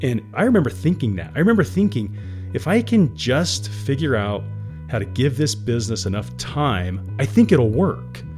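A man's voice: mid-range voice, very animated, normal speed, darkish tone, faint music behind. Emotional man telling his business story. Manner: emotional, laughs often, calls the host "guy". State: teary. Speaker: guest entrepreneur. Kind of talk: candid interview storytelling.

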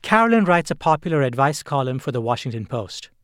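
A man hosting a podcast, reading scripted narration in a calm, measured way. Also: mid-range voice, no echo, clean studio sound. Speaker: podcast host.

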